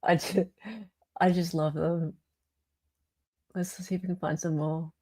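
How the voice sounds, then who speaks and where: A woman's voice: on the low side, level tone, unhurried, darkish tone, no echo, clean studio sound. A woman hosting a podcast, chatting bluntly and mockingly about the news. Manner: blunt, mocking, laughs often. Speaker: podcast host. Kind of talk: casual commentary chat.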